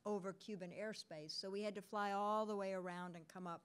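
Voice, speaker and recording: A woman's voice: medium pitch, fairly even intonation, a little fast, clear, resonant tone. Woman lawyer telling a story on a panel. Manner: conversational storytelling with restarts. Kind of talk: panel conversation.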